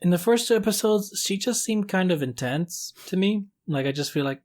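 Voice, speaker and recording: A man's voice: high-pitched, expressive, normal speed, a little mellow. A man in casual chat as a podcast co-host, rambling with lots of fillers and some swearing. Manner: rambling, many fillers, swears when telling a story.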